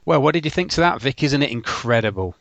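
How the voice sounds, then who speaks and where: A man's voice: medium pitch, expressive, quick pace, creaky, fairly bright tone, no room sound, soft background music. A man co-hosting a podcast in casual chat, mostly giving short replies. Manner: brief listening replies. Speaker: podcast co-host.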